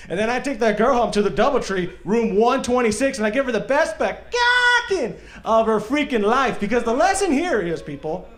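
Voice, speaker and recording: A young man from Texas doing a stand-up comedy set on a club stage, self-mocking, with loud bursts for acted bits. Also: very high-pitched, sing-song, moderate pace, hardly any pauses. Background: audience laughter.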